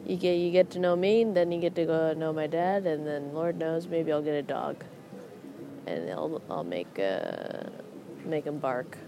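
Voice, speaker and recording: A young woman hosts her podcast from a park bench, drifting between self-mocking puns and loose asides. Her voice sits a little low and she takes her time. Steady park noise fills the background. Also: measured pace. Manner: rambling, self-mocking puns, laughs at own jokes. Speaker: podcast host. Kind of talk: casual monologue. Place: outdoors in a city park.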